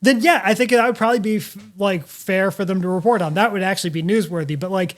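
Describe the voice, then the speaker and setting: A man with a noticeably high voice co-hosts a casual stream. He gropes for words, restarts his sentences and fills gaps with "like.". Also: quick pace. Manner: hesitant, filler-heavy, lots of "like". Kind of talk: casual chat.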